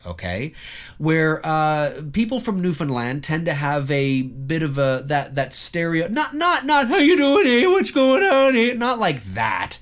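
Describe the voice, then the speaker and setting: Guy ranting at the camera, pitch all over the place, lots of ums and uhs. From Toronto, Canada. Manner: animated, addresses viewers as folks, many fillers. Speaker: vlogger.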